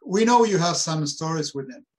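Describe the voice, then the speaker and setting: A podcast host with a notably high male voice. He talks in a casual, halting way, full of "uh"s, as he sets up the next story for his guest. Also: lively intonation. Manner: laughs often, hesitant with many fillers. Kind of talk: casual chat.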